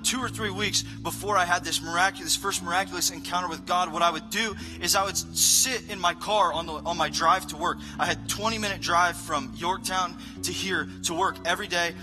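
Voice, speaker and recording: Guy pastor preaching super casual, kinda high voice, says like a lot, band playing behind him at church. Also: low-quality recording. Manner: casual, rambling with many "like"s, self-deprecating. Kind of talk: conversational sermon. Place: church stage. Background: live worship band playing softly.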